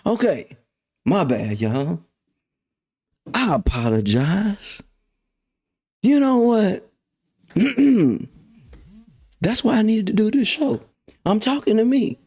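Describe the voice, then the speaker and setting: Animated slow-talking ranting man. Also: breathy edge. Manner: animated, swings between loud outbursts and low mutters; slangy, drawn-out emphasis. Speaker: podcast host. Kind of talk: casual ranting monologue.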